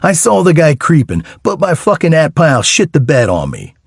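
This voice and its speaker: A man's voice: fairly high pitch, huge pitch swings, moderate pace, gravelly, slightly rough, no room sound, exaggerated voice. Male reader voicing a brash Texan sniper, drawling, dry close mic. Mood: teasing. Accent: Texas. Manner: laid-back drawl, salty banter. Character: cocky Texan male Navy sniper, ribbing.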